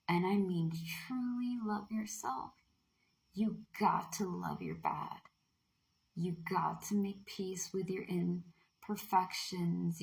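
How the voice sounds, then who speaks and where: A woman giving a casual tarot card reading in a playful, chatty way, often dropping into breathy half-whispers. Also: on the low side, low-quality recording.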